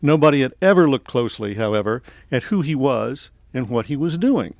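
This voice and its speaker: A man's voice: medium pitch, lively intonation, brisk, gravelly, a little mellow, no echo. A middle-aged man from the American South giving a conversational, self-deprecating author talk at a bookstore. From American South, Tennessee and Georgia. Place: bookstore event space.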